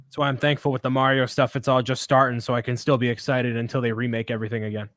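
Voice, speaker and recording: A man talks quickly and teasingly as a co-host in a relaxed live chat. His mid-range voice sounds dry and close on a home call mic. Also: medium pitch, no echo. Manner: brisk, teasing. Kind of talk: casual live-stream chat.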